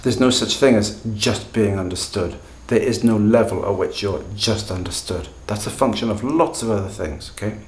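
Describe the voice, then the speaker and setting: A man, hosting a language-learning video lesson in a deliberate, emphatic way, often checking in with tag questions. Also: lowish voice, roomy sound. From Britain. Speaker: language teacher, channel host.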